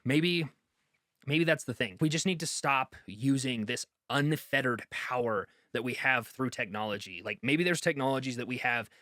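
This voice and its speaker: A man's voice: medium pitch, moderate pace, sharp tone, no room sound, studio quality. A man giving heated, exasperated commentary in a video essay, slipping into mocking quoted voices as he rants. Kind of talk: impassioned commentary.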